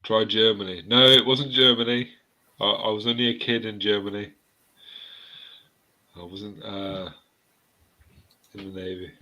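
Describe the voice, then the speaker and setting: A man's voice: on the low side, fairly even intonation, measured pace, pauses often, bright, forceful tone, lo-fi sound. A man telling rowdy anecdotes in a casual chat, swearing freely.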